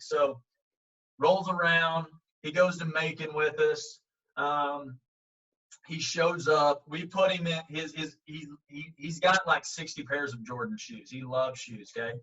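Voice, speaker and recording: A man, a baseball coach, tells a story with a bright, forceful voice, acting out the quotes as he goes. His voice sits a bit high for a man. He's set back from the mic, and the audio sounds a little dull. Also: measured pace, far from the mic. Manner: animated, acts out quotes, frequent fillers. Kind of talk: casual storytelling in an interview.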